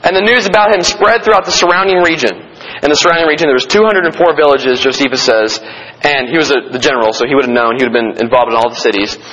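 A man's voice: medium pitch, quick pace, a bit bright. A man preaching a sermon to a congregation, talking conversationally and emphatically as he teaches from the Bible. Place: meeting room or church. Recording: dull lo-fi sound with long hall reverb.

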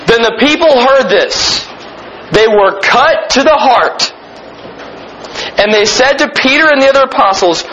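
A man preaching a sermon with emphatic delivery, repeating key phrases and slowing down to stress them. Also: high voice, sharp tone, muffled recording, slight background noise. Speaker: pastor.

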